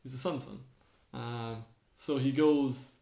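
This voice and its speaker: Co-hosting a podcast, a man casually retells myths and performs the characters' lines. His mid-range voice is mellow, slow, and fairly even in intonation, with vocal fry. The recording carries a roomy echo.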